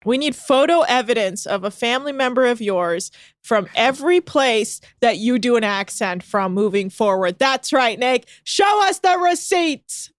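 A woman's voice: a little high, animated, normal speed, no room sound, studio quality. A woman co-hosting a TV recap podcast, teasing and mock-arguing with her co-host in casual banter.

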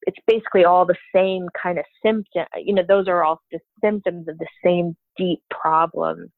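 A middle-aged woman speaks earnestly and from the heart about her faith, in a low voice with a gravelly edge. Her voice comes through a thin, phone-like line with no room sound. She talks at length as a guest. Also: flat delivery, normal speed, dry recording. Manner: earnest and heartfelt, sharing testimony. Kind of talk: faith-based conversation. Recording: tinny phone-like line, dry.

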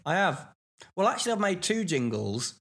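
A podcast co-host with a high voice chats casually, his pitch swinging widely at a moderate pace with a fairly bright tone. His speech is full of fillers and restarts.

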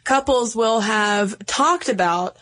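A woman's voice: fairly high pitch, slow, fairly bright tone. A woman co-hosting a podcast in casual, jokey chat, often reading quotes aloud. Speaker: podcast co-host.

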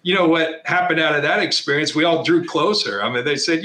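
Bright-voiced middle-aged man, halting storyteller. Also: fairly high pitch. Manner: halting with frequent restarts, chuckles while telling stories. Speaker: interview guest, former football player now team executive. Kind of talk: casual interview storytelling. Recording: echoey room.

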